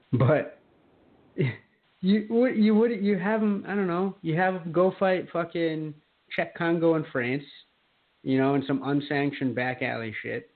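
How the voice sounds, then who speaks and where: Profane ranting man on a tinny line. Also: a little high. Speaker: podcast co-host. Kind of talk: casual chat. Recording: phone-like lo-fi sound.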